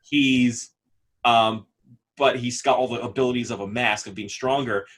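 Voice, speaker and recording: A man co-hosting a casual podcast, talking animatedly, often laughing and breaking into quick character impressions. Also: mid-range voice, fairly even intonation, a bit bright. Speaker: podcast co-host. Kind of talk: casual chat.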